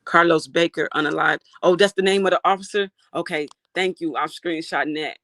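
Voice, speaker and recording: Gravelly, outraged livestream host. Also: medium pitch, brisk, no echo. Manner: animated, outraged, swears freely. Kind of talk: livestream reaction commentary, reading chat.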